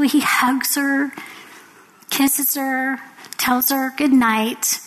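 A woman's voice: high-pitched, flat delivery, extremely slow, fairly bright tone, slight background noise, rough recording. A woman giving an earnest devotional talk to women, telling a story to make her point.

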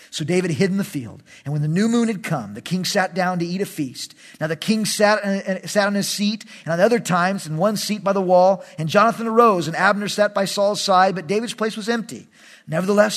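A man's voice: high voice, fairly bright tone. A man pastor reading scripture dramatically and teaching, with joking asides. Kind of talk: Bible study teaching.

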